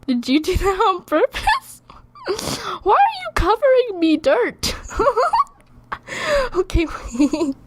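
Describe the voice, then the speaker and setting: A woman's voice: extremely high pitch, big pitch swings, takes it slowly, long pauses, very noisy. A woman reading lines in a casual outtake, teasing and giggling as she stumbles over the script.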